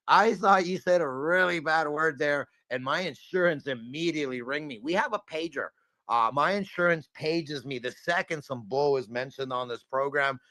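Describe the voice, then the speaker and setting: A man's voice: a little high, normal speed, pushed and bright, no room sound. Joking man on a dry home mic. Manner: joking, rambling banter. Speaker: co-host. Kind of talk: casual livestream chat.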